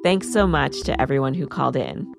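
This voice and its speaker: Woman podcast host, gravelly edge, chatty scripted delivery, music underneath. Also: extremely low pitch, a little fast. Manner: chatty, with fillers.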